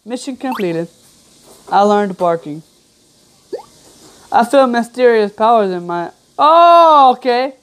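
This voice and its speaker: A woman's voice: medium pitch, unhurried, long pauses, darkish tone, slight background noise. A woman giving casual gameplay commentary, reading game text aloud with chatty, offhand asides. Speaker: gamer.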